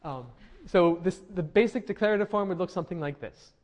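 A man's voice: sits high, a little fast, highs cut off. A man teaching a linguistics class, explaining step by step and often checking in with his students. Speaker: linguistics lecturer. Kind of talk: classroom lecture.

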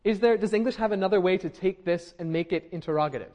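A man's voice: sits high, quick pace, a little mellow. Man lecturing a linguistics class. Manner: explanatory, checks in with students often.

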